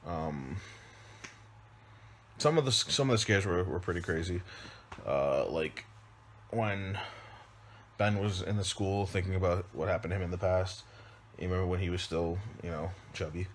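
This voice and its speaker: Man, very low voice, casual rambling film review, hesitant restarts. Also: moderate pace, pauses often, slight background noise. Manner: loose and rambling, many ums and restarts. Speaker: father; movie reviewer. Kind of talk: casual spoken movie recap.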